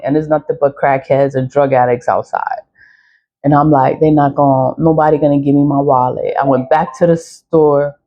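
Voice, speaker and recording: Lady with a lowish voice just rambling to camera, cursing, laughing, repeating herself. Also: warm tone. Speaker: spiritual product vlogger. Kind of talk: casual rambling monologue.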